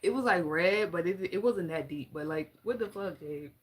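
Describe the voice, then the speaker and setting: A woman's voice: on the low side, normal speed, breathy edge. Blunt, laughing woman tarot reader. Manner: blunt, profane and playful, laughing often. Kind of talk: casual tarot reading monologue.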